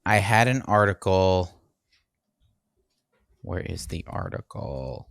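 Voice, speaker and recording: A man hosting a podcast in a relaxed, casual chat, leading segments and thanking listeners. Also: low voice, slow, creaky, dry recording, clean studio sound. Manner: laid-back, leads segments and thanks patrons. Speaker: podcast host.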